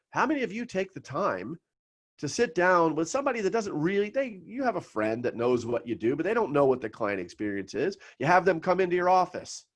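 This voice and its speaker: A middle-aged man from South Florida coaching financial advisors in a seminar talk, telling stories with emphatic pauses. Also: a little high.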